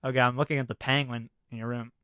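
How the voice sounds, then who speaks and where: Bright, crisp young man chatting. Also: mid-range voice, fast talker, dry recording, clean studio sound. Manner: animated, exclamatory, often swearing. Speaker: podcast co-host. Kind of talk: casual comedic chat.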